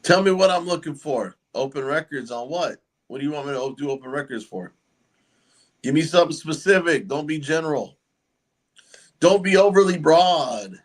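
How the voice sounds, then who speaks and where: A man's voice: fairly high pitch, expressive, normal speed. A man hosting a casual livestream, chatting loosely and joking with viewers and guests. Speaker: livestream host.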